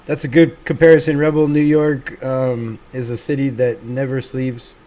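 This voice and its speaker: A man's voice: medium pitch, flat delivery, normal speed, warm tone. A man hosting a fan livestream, chatting casually and reading out viewer comments in a laid-back, swearing, self-mocking way. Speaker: fan channel livestream host.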